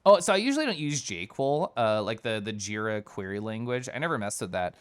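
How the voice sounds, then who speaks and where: A man in casual stream chat, telling a work story in an animated way, mocking others in quoted voices and laughing often. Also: lowish voice, fairly quick, clean tone. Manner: laughs often while talking.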